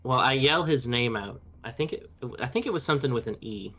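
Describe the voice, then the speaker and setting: A male player in a tabletop game chats casually, sounding unsure and full of fillers. His voice sits at an ordinary middle pitch. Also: expressive, a little fast, a bit bright.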